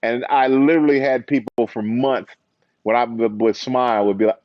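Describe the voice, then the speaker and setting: A man's voice: mid-range voice, normal speed, no room sound. A man speaking as an interview guest, telling stories with lots of life in his voice and slipping into other people's voices as he quotes them. The sound is dry and a bit dull, with little room around it. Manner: animated storyteller, acts out quoted voices, laughs. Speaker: interview guest, former football player and TV host. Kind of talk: casual interview chat.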